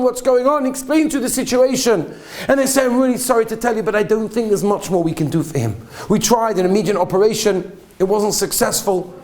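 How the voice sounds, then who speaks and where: High-voiced rabbi pleading in a sermon. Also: male voice. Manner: swings between pleading shouts and hushed near-whispers. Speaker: rabbi giving a talk. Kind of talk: emotional story sermon.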